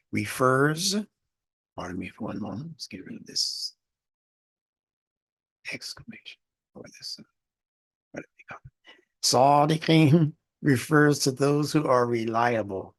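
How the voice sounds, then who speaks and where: A man's voice: medium pitch, animated, slow pace, gravelly, long pauses. A man teaching a religious studies class in a lecture, explaining word meanings and asking the class rhetorical questions.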